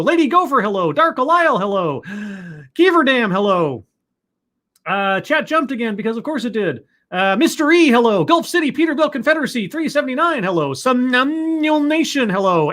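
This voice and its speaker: A man hosting a casual live stream, greeting his chat one by one and chatting about his day in a playful, rambling way. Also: a bit bright. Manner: playful, greets chat members one by one with sudden pitch jumps. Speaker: live-stream host reacting to talks. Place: home room.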